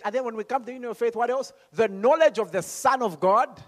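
A man preaching a sermon. He talks calmly and slowly, then rises to loud calls, asking the congregation questions and acting out voices. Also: very high-pitched.

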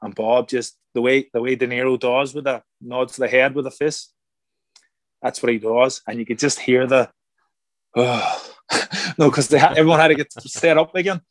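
An animated man telling a story as an interview guest, jumping into the voices of the people he quotes. His voice sits at an ordinary middle pitch. The sound is close and dry, with no room around it. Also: normal speed, no echo. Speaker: guest, former boxer turned actor.

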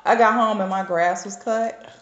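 A woman, co-hosting a podcast and telling a lively story with plenty of laughter. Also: mid-range voice, normal speed, dull audio. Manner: animated storytelling, laughs often. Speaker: podcast co-host. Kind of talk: casual chat. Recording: echoey room.

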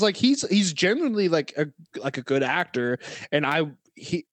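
A man co-hosting a podcast in casual chat, enthusiastic and quick to laugh. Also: a little high, sing-song, a bit bright. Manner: enthusiastic, laughs easily, rambling restarts. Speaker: podcast co-host.

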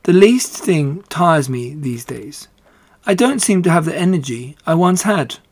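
A man's voice: a little high, expressive, unhurried, voice pushed up. A man voicing a kind, weary female spider who speaks politely and a little dryly. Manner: polite, slightly dry, tired.

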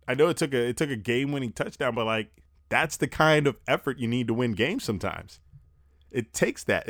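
A young man hosting a casual football recap podcast, talking fast, animated and profane, breathing heavily into a close mic. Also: medium pitch, no echo. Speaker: sports podcast host.

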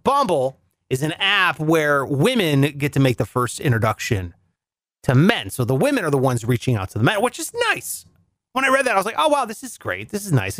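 A man riffing through a sarcastic comedy monologue, his voice leaping up and down as he lands punchy lines. He records alone at home, and the sound is dry and close, with no room echo. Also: on the high side. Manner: sarcastic, punchy joke delivery, lively voice swings. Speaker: comedian host. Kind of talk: comic monologue.

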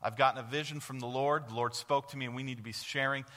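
A man preaching with a bright, forceful voice, earnest and direct, often asking the congregation a question and answering it himself. His words ring out with a long reverb from the church hall around him. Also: medium pitch, fairly even intonation, quick pace. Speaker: guest preacher. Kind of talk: sermon. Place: church sanctuary.

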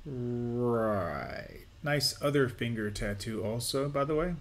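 Male host, sarcastic reaction commentator, mid-pitched, mocking delivery. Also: lively intonation, takes it slowly, soft background music.

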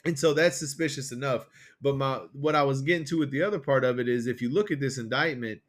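Man, podcast co-host, casual rant, animated retelling, medium pitch. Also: quick pace. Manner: rambling, animated retelling with quoted voices. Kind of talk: casual political chat.

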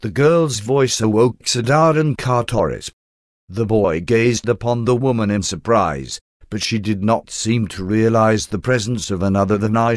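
A man narrating an adventure audiobook in the first person, with a measured, formal storytelling manner. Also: lowish voice, dry recording, studio quality.

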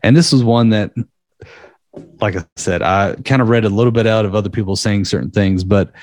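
Podcast guy rambling, swears a lot, kinda low voice, dead dry mic. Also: no room sound. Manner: rambling, profane, laughing at dark material. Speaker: podcast co-host. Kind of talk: casual podcast chat.

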